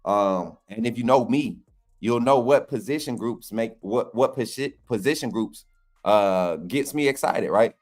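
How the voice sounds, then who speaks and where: A man's voice: mid-range voice, a little slow. Rambling man telling a story. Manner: rambling, many restarts and "y'all", animated. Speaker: fan channel co-host. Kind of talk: casual storytelling chat.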